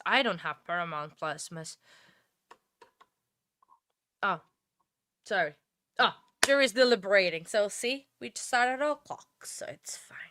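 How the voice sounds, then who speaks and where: A woman's voice: medium pitch, pushed and bright, no echo, clean studio sound. A woman hosting a live stream, talking casually and thinking aloud with many fillers and restarts. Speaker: livestream host.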